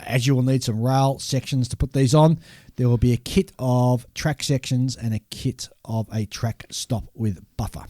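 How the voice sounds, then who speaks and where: A man's voice: mid-range voice, steady tone, normal speed, dark tone, no echo, clean studio sound. A man co-hosting a casual hobby podcast, reading a list of new model kits and tripping over foreign names with a laugh.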